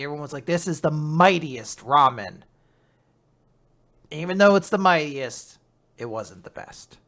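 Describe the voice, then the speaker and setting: A young man casually recapping a manga chapter, acting out the characters in quick voices and laughing often. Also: mid-range voice, bright, forceful tone. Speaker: podcast host recapping manga. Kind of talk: casual chat.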